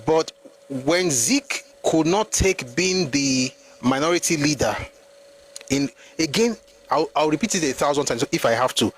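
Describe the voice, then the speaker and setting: A man's voice: fairly high pitch, animated, unhurried, breathy edge, rough recording. A man with a Nigerian accent, hosting a live history talk and arguing his points with rhetorical questions. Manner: argumentative, full of rhetorical questions. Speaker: host.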